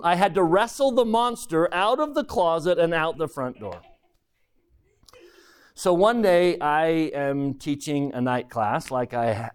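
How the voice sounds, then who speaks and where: A middle-aged man giving a speech, telling personal stories in an animated way and acting out the people he quotes. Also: fairly high pitch. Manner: animated storyteller, acts out quotes, chuckles through stories. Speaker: speaker addressing an audience.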